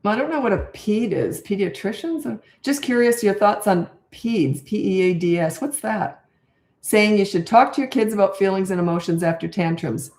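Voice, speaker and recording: A woman's voice: mid-range voice, expressive, moderate pace, a little mellow, reverberant. An older woman, a parenting coach, answering viewer questions in a casual live Q&A, blunt and off-the-cuff, thinking aloud as she goes.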